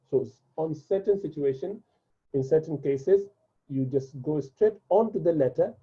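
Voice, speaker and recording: Husky-voiced man teaching, tinny phone-like sound. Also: on the high side, dark tone. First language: Urdu. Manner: patient, repeats and drills words slowly. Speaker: Arabic teacher. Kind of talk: classroom lesson explanation.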